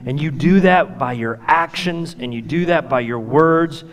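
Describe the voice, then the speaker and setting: A male pastor preaching a sermon, telling personal stories in a plain, conversational way and dropping to a soft whisper at tender moments. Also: a little high, a little slow. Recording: long reverb of a church hall.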